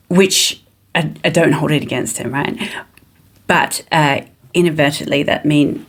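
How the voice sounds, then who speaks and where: A middle-aged woman speaks low in her range, with a gravelly rasp. She tells her own story casually, chatty and self-deprecating, with plenty of ums and restarts. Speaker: vlogger.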